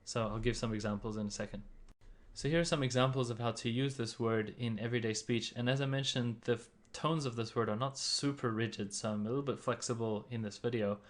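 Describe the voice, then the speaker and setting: A man's voice: mid-range voice, steady tone, brisk. A man narrating a slide-based language lesson in an explanatory manner, voicing example sounds in varied tones. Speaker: language teacher.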